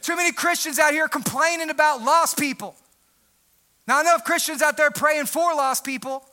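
Loud high-voiced preaching man. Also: moderate pace. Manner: loud, emphatic, shouting at times. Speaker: pastor. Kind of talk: preaching a sermon.

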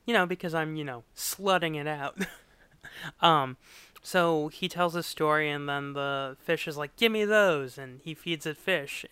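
A fairly high, clean-toned male voice comes through a dry recording. He's a podcast co-host casually recapping a sitcom, animatedly performing the quotes and laughing a lot.

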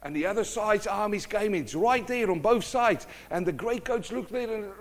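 A middle-aged man preaching a sermon, telling stories with lively acted-out voices. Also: high-pitched, moderate pace, hardly any pauses. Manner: animated storytelling, acts out quoted voices.

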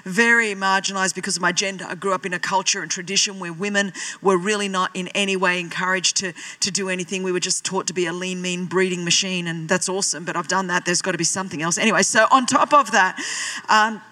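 A woman's voice: on the low side, steady tone, fast, pushed and bright. A woman, preaching a sermon as a pastor and telling her own story with self-deprecating humour. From Australia. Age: 40s.

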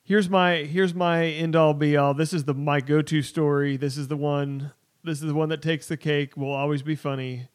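Animated storytelling man on a podcast. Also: a little high, moderate pace, hardly any pauses, clean tone. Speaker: podcast co-host. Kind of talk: casual chat, storytelling.

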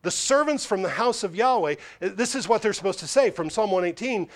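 A man preaching a sermon as a pastor, asking and answering his own questions and acting out the people he quotes. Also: brisk. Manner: animated, acts out the quoted voices with big pitch swings.

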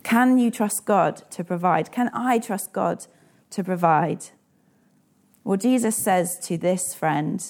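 A woman's voice: on the low side, slow, a little mellow. A woman in her thirties preaching a sermon in an earnest, personal way and asking the listeners direct questions.

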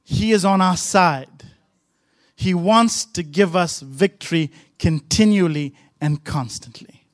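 A man's voice: high-pitched, takes it slowly, no echo. A man pastor preaching a sermon with emphatic, repetitive rhythmic phrasing.

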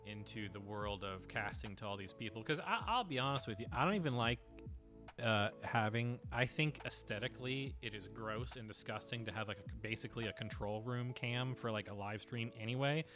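A man's voice: fairly low pitch, moderate pace, sharp tone, faint music behind. A man co-hosting a podcast in casual chat. He speaks emphatically and wanders off into strong opinions. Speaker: podcast co-host.

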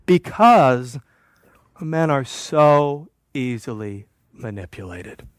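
A man's voice: mid-range voice, no room sound. A man preaching a sermon in a church, with a conversational, wry manner that teases the congregation. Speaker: pastor.

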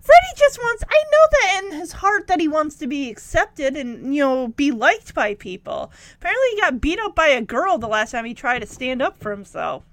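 A woman's voice: high voice, big pitch swings, moderate pace, few pauses, fairly bright tone, dry recording. A woman giving a chatty, giggly recap and review of a TV episode, with frequent fillers.

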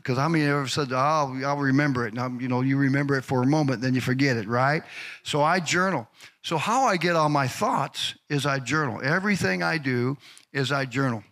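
A man's voice: medium pitch, a bit bright. A man preaching a heartfelt, earnest sermon as pastor of his church, often repeating himself.

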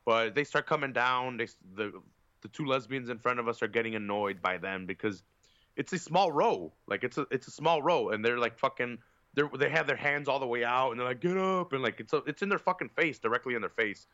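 A man's voice: mid-range voice, brisk, pushed and bright, no echo, highs cut off. A man on a podcast telling a long, profane, rambling story in casual chat, with lots of fillers. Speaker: podcast co-host.

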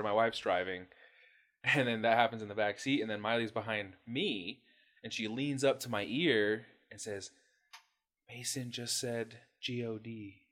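Profane, laughing man telling stories. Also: medium pitch. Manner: profane, laughing, animated storytelling. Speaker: podcast co-host. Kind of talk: casual chat.

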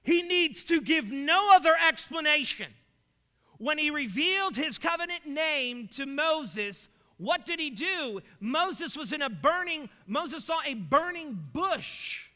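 Man preaching, very high voice, emphatic rhetorical questions, long hall reverb. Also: expressive, slow, sharp tone. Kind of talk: sermon.

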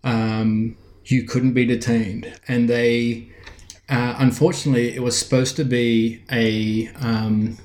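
A man's voice: mid-range voice, flat delivery, slow pace, a little mellow. A man co-hosting a casual chat and talking with frequent fillers and restarts. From born outside the US. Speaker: podcast co-host. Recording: echoey room.

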